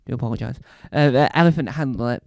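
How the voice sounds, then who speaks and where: A man telling a rambling, animated comedy story as a stand-up comedian. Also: mid-range voice, fast, vocal fry. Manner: animated, rambling, acts out bits.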